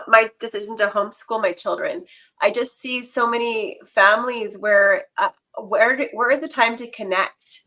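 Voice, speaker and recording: Animated woman telling stories. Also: medium pitch, rough recording. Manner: animated storyteller, laughs often. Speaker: podcast guest. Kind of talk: casual podcast conversation.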